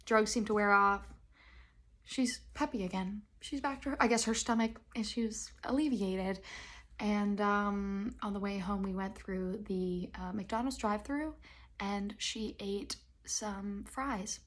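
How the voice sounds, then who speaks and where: A young woman hosting a podcast, telling stories in a rambling, animated way and acting out the quotes. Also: mid-range voice, a little slow. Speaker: podcast host. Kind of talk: casual chat.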